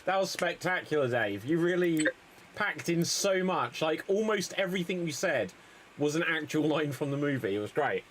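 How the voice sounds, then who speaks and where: A man's voice: fairly high pitch, animated, normal speed, a bit bright, a little hiss or hum. A man hosting an improv comedy show, rambling and mocking himself.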